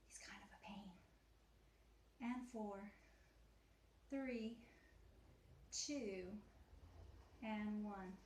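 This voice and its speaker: A woman teaching a beginner Pilates mat class at home, slightly out of breath, cueing moves and counting reps in an encouraging, chatty way. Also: mid-range voice. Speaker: Pilates instructor. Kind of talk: guided mat workout cueing. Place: home room. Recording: echoey room, faint ambient noise.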